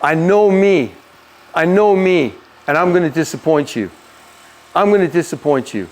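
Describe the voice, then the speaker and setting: Preacher reads Peter: high-voiced, blunt, worn-out fisherman. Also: huge pitch swings, moderate pace, a bit bright, slightly rough, heavily acted. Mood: pleading. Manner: casual, exasperated, frank. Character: weary, blunt fisherman Peter, grown man.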